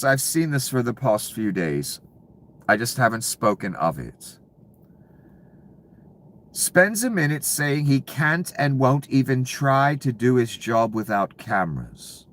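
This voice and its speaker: A man delivering a profane, angry political rant to viewers, dropping to low mutters and then bursting out loud. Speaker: commentary channel host.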